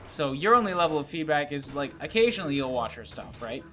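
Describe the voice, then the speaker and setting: Bright, rambling young man host. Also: a little high, sing-song, quick pace. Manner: rambling, heavy use of "like" and "uh". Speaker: let's play host. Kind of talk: casual gaming commentary. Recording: game music behind.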